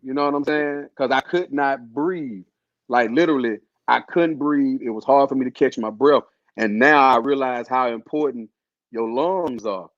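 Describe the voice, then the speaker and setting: A man's voice: medium pitch, moderate pace, no room sound. A man telling a personal story in a casual, slangy way, full of fillers. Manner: laid-back, slangy, loose with fillers. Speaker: host telling his illness story. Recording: dull lo-fi sound.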